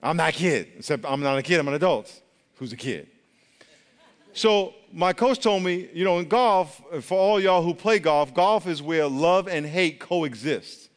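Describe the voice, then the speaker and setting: Pastor, male, lively sermon delivery, pitched a touch high, long hall reverb. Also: a little slow. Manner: animated, swings from loud exclaims to soft asides, acts out quotes.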